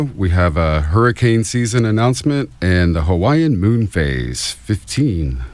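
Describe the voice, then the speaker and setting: A man with a low, deep voice hosts a community radio show. He reflects on his guest's ideas and warmly affirms them, then moves on to the station announcements. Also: very animated, a little slow, hardly any pauses, no room sound. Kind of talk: casual radio interview.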